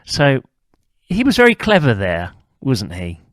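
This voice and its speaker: A man's voice: medium pitch, wildly swooping pitch, unhurried, dry recording, clean studio sound. A man hosting a podcast, casually chatting about a TV episode and tacking on tag questions. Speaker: podcast host.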